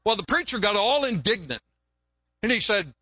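An older male pastor preaching in a folksy, joking way and often repeating words. His voice sits high and bright, and the sound is dry and close. He mixes humor with teaching. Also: big pitch swings, moderate pace, dry recording. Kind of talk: sermon.

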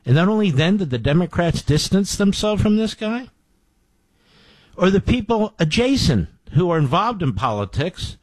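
A man's voice: a little high, dry recording. A man hosting a political talk show, delivering an opinionated monologue with indignant, emphatic repetition. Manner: indignant, emphatic, repeats phrases for effect.

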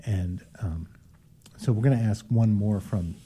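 A man in his sixties hosting and reminiscing in a halting, casual way with many fillers. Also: on the low side. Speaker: host. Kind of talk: casual chat.

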